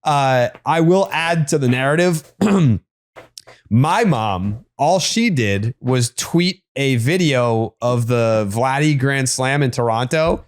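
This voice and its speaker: A man's voice: medium pitch, expressive, slow pace. A man co-hosting a sports podcast, talking casually and swearing freely. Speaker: podcast co-host.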